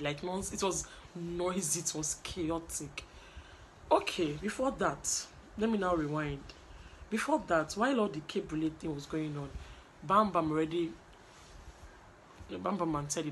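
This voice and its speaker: A woman's voice: deep voice, normal speed, a little hiss or hum. A young Nigerian woman with a gossipy, chatty manner, recapping a reality show and acting out what the contestants said. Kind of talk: animated casual recap with acted quotes.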